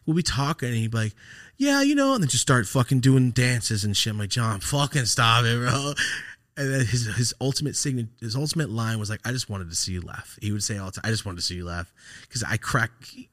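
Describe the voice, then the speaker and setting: A man's voice: lowish voice, fast, no room sound, clean studio sound. A man, casually telling a story on his podcast, swearing and laughing as he talks. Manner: profane, animated, laughs while telling. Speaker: podcast host.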